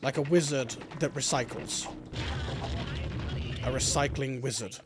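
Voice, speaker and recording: A man's voice: medium pitch, unhurried, background noise. A man streaming a video game, giving casual, rambling commentary with jokes and remarks aimed at the game and the camera. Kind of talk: casual let's-play commentary. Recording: game music playing behind.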